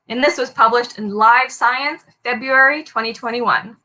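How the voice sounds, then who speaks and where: A woman's voice: sits high, unhurried, few pauses, bright, forceful tone, low-quality recording. A young woman hosting a trivia quiz, reading headlines aloud in an upbeat way and joking lightly when she slips. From Canada. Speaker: trivia host.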